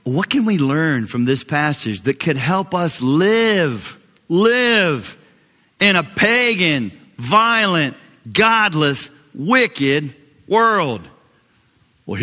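A pastor preaching a sermon with big swings in volume, from loud calls down to near-whispers, and a slow, emphatic delivery. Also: male voice, a little high. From Knoxville, Tennessee. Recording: long hall reverb.

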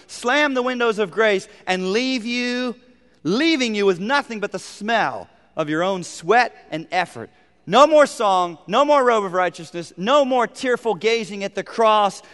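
A male pastor preaching a sermon, moving from loud emphasis to hushed, almost whispered lines. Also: high voice, clear, resonant tone, in a large hall.

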